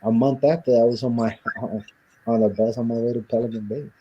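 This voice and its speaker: A man from Southern California, an interview guest, tells his story candidly and bluntly with rough language, acting out what guards said to him. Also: mid-range voice, fairly even intonation, a little fast, dark tone, lo-fi sound, a little hiss or hum. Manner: blunt and profane, acts out the guards' lines.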